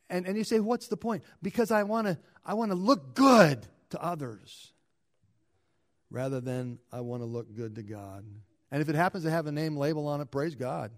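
A middle-aged man, a pastor, preaching a sermon with frequent restarts and repeated words, swinging between loud emphasis and quiet asides. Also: a little high.

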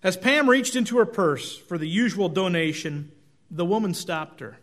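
Middle-aged pastor guy, chatty folksy sermon, voice a bit on the high side. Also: moderate pace, a bit bright. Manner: conversational, self-deprecating, folksy storytelling.

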